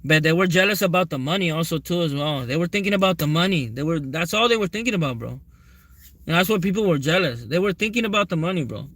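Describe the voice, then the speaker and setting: A man's voice: on the high side, lively intonation, fast talker, fairly bright tone, dry recording. Brief: young male tarot vlogger, raised voice, very dry sound, loose cursing storyteller. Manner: rambling, profane, keeps asking viewers "right?". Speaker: tarot reader. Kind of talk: casual storytelling vlog to viewers.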